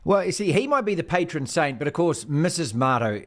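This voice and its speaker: A man hosting a radio show, bantering casually with a jokey, animated manner and bursts of mock outrage. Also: fairly high pitch, brisk. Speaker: radio host.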